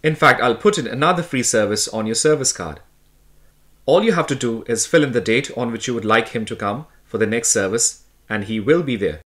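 A man's voice: mid-range voice, a little fast, a bit bright, natural voice. A man playing a courteous call-center agent. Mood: polite. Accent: Indian English. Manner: courteous, reassuring. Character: male call-center agent, polite and apologetic. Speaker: customer service agent in a sample call.

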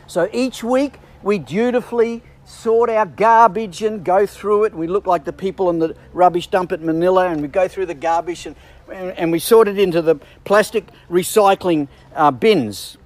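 A man's voice: high-pitched, normal speed. A man preaching a sermon in a chatty, self-deprecating way with joking asides. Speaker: bishop preaching.

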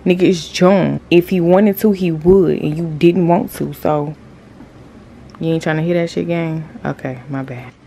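A young woman in her twenties vlogs from behind the wheel, talking to a phone held close. Her talk is blunt and full of swearing and teasing. Road and engine noise runs clearly under her voice. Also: low-pitched, fairly even intonation, a little slow, warm tone. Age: 20s. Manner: blunt, profane, playful trash talk. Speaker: vlogger. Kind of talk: casual vlog chat. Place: in a car.

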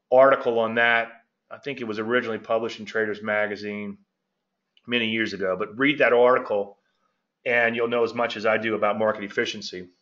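With a mid-range, fairly bright voice, this middle-aged man runs a relaxed trading commentary as both show host and market analyst. He's sociable and wandering, frequently interrupting himself, and the lo-fi recording sounds dull.

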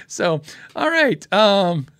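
Animated high-voiced man telling a story. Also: no echo. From Tucson, Arizona. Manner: animated, laughs often, acts out quotes. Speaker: host of a guitar Q&A show. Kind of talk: casual storytelling.

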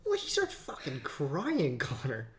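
A man co-hosting a casual podcast, his pitch swinging up and down in a lively way. He swears freely and laughs often as he talks. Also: measured pace. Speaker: podcast co-host. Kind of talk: casual chat.

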